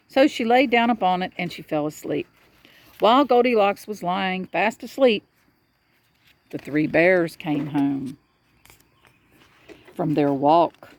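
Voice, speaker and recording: A woman reading a children's storybook aloud to a young child in a lively storyteller's manner. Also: on the low side, no room sound.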